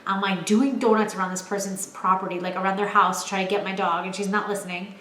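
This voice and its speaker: A woman in her twenties telling stories from home in a casual chat, animated and laughing, with lots of filler "like". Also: medium pitch, fast talker, a little hiss or hum. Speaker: vlogger, storyteller. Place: at home, in a room. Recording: roomy echo.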